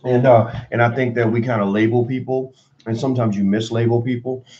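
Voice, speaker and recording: A man's voice: mid-range voice, fairly even intonation, brisk, darkish tone, dull audio, slight background noise. A man in his forties from Kentucky, giving a rambling, motivational livestream talk from home at his computer. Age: 40s. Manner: rambling, motivational, many fillers. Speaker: motivational vlogger.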